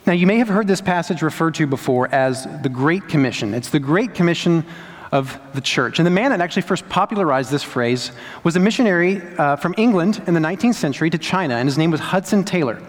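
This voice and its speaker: A young adult man, preaching a sermon as a pastor in a conversational, storytelling way with lively asides. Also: fairly high pitch, fast. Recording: long hall reverb.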